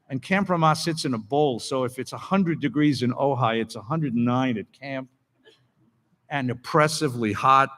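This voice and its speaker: A man's voice: mid-range voice, a bit bright. A male rabbi telling a story in a sermon and leading his congregation in a synagogue sanctuary, with a long echo around him. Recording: long reverb of a large hall.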